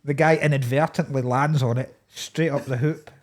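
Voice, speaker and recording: A man's voice: mid-range voice, steady tone, moderate pace. A man co-hosting a comedy podcast, telling crude, rambling stories and laughing at his own jokes. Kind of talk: casual comedy chat.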